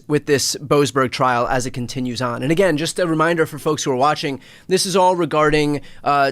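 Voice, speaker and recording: Lively male host, dry close sound. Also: fairly high pitch, dry recording. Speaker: show host. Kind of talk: political talk show hosting.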